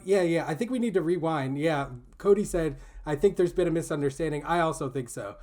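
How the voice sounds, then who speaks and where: A man's voice: a little high, a little mellow. A male host pushing back bluntly and insistently on his guest in a tense conversation.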